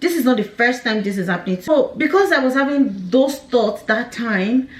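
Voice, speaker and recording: A woman's voice: a little high, lively intonation, normal speed, reverberant. A young woman, candidly and emotionally telling a personal story to camera, with nervous laughs. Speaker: vlogger.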